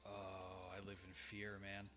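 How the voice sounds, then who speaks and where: A man's voice: deep voice, completely flat delivery, a little slow, pushed and bright, soft background music. A man playing a game live on stream, thinking aloud with hesitant fillers and some dry humor. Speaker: game streamer, main player. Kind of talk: live gameplay chat.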